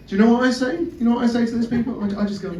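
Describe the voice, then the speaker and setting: Amid heavy background noise, a British man with a very high voice and a British English accent delivers a sweary, self-mocking stand-up set in a club. He's chatty and stammers on restarts, captured from a distance in roomy live-club sound with the audience laughing and chattering.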